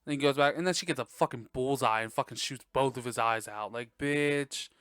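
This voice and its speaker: A man's voice: medium pitch, fairly quick, clear, resonant tone, dry recording, clean studio sound. A young man hosting a podcast from his bedroom, chatting casually about a movie with lots of swearing and frequent laughter. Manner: profane, excitable, laughing often. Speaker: podcast host. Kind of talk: casual movie review chat. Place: dark bedroom at home.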